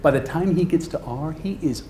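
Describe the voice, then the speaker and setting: A man doing stand-up comedy for a live audience, chatty and animated, often laughing at his own jokes. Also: on the high side, moderate pace, a crowd in the background. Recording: echoey room, audience laughter, noise.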